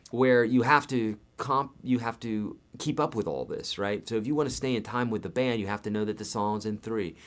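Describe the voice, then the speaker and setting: A man teaching a live guitar lesson in a casual, chatty way, his voice tired and worn, counting beats aloud. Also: medium pitch.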